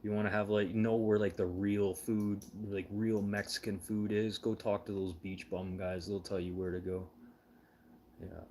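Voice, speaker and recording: A man's voice: lowish voice, little pitch movement, moderate pace, warm tone, slight background noise. A man telling rambling, casual stories, swearing freely and laughing as he goes. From Canada. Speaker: show host. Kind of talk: casual storytelling chat.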